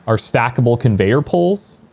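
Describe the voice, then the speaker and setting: A man's voice: mid-range voice, animated, normal speed, creaky, darkish tone, breathy edge. Chatty man thinking aloud over gameplay. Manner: thinking aloud, chatty, reads out viewer chat. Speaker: let's play streamer. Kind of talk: casual gameplay commentary.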